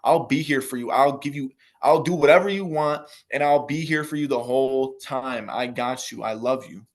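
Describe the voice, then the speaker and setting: Slightly louder, doting girlfriend voice, gushing and affectionate, as a man puts it on. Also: mid-range voice, moderate pace, close to an everyday voice. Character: sweet, supportive loving girlfriend.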